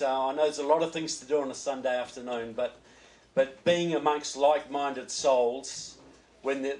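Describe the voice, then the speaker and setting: Folksy and full of joking asides, a New Zealand man gives a political speech as guest speaker at a reception, often repeating words as he starts phrases. His voice is mid-pitched, and the low-quality recording has slight background noise.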